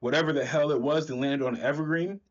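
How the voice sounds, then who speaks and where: A man voicing a gruff, blunt veteran winged hero who talks down to a newcomer, on a slightly dull recording. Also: fairly high pitch, steady tone, fast talker, close to an everyday voice. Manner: curt, lecturing.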